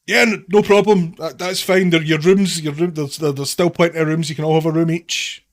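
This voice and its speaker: A man's voice: a little high, steady tone, fairly quick, voice pushed up, lightly acted. A man voicing a flustered, eager-to-please male innkeeper who stammers, in a tabletop game.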